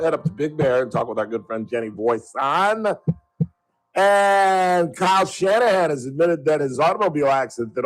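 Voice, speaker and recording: A man's voice: fairly high pitch, rough recording. A man hosting a call-in talk radio show, ranting at a caller in a heated, sarcastic way.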